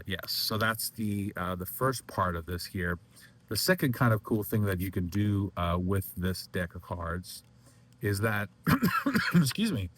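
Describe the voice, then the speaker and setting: A man teaching a magic trick in a casual demonstration, talking in halting bursts with many restarts while he handles the cards. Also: fairly low pitch, a bit bright. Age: adult. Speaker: magic instructor.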